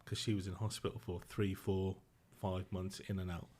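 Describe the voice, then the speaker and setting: A middle-aged man speaks low and subdued. He tells a personal story haltingly and emotionally, breaking off and restarting his sentences. He is a guest on a podcast. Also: flat delivery, a little mellow.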